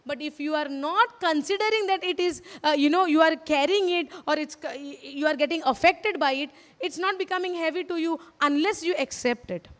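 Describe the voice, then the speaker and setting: A woman's voice: high-pitched, fairly quick, hardly any pauses, fairly bright tone. A woman with an Indian English accent preaching a sermon, earnest and repetitive, often asking her listeners questions. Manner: earnest, repeats phrases, asks the audience questions. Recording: hall reverb.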